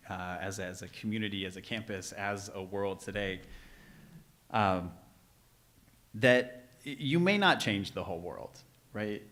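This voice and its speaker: A man's voice: on the low side, a bit bright. A man speaking at an event as speaker and emcee, earnest and chatty, often amused at himself, in front of a live audience in a room. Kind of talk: speech and joke to a live audience.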